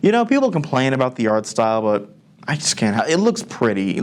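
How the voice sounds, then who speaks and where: A teenage boy giving a scripted school-TV movie review in a deadpan voice. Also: on the high side, brisk. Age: teens. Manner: deadpan delivery. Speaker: student film reviewer.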